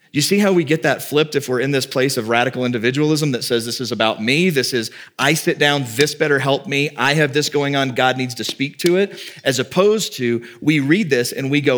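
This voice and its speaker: A man preaching a sermon as pastor, talking plainly to his congregation and dropping quick, joking asides. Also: mid-range voice, fairly bright tone.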